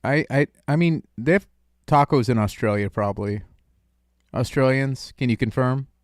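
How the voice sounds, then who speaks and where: A man's voice: medium pitch, moderate pace, dry recording, clean studio sound. A young man hosting a call-in stream, talking in a rambling, joking way with lots of filler words. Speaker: streamer host taking calls. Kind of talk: casual chat.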